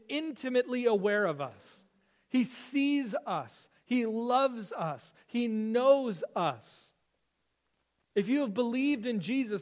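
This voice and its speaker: A man preaching a Sunday sermon as pastor, earnest and emphatic, slowing down to stress key phrases. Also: high voice.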